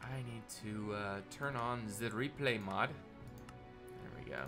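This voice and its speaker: A man's voice: mid-range voice, unhurried, over music. A man live-streaming a building session, chatting casually with viewers and greeting them by name, his voice nasal and congested from a cold.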